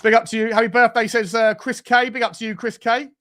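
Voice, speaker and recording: A man's voice: extremely high pitch, flat delivery, quick pace, fairly bright tone. A man hosting a fan live stream, reading out super chats in a rambling, sweary way that keeps going off on tangents. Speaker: fan channel host.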